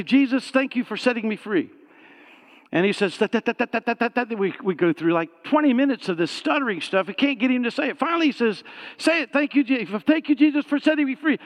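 A man preaching a sermon, telling a story with animated swings and rising to shouted praise. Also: sits high, long reverb tail, lo-fi sound. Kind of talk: sermon testimony.

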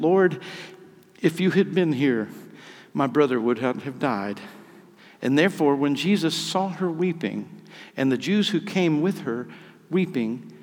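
A man preaching a sermon, reading scripture dramatically and then explaining it. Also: a little high. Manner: dramatic reading, rising to loud cries on key lines. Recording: long hall reverb.

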